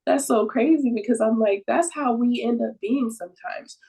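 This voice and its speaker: A woman's voice: on the high side, moderate pace, few pauses, dark tone, poor audio. A woman talking as a podcast guest in an earnest, reflective way, with lots of "like" fillers and easy laughs. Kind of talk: casual conversational podcast talk.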